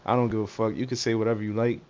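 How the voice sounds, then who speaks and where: A man's voice: fairly low pitch, steady tone, very fast, darkish tone. A man giving casual, profane reaction commentary in a slangy way, laughing often. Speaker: reaction streamer. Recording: dull lo-fi audio.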